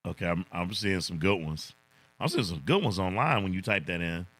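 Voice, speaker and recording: A man's voice: deep voice, lively intonation, normal speed, fairly bright tone. A man hosting a casual livestream, reading viewer comments in a laid-back way, chuckling often and saying "man" a lot. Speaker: livestream host.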